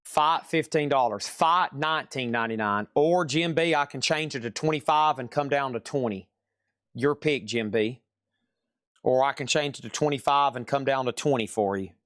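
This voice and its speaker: A man's voice: mid-range voice, normal speed, a bit bright, no room sound, studio quality. A man with a Southern US accent hosting a live sales stream, chatty and repeating prices and buyer names.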